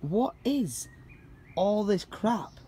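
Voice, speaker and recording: A young man, chatting casually in a vlog around his house and garden, excitable and swearing freely. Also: sits high, very slow, breathy edge. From England. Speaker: vlogger.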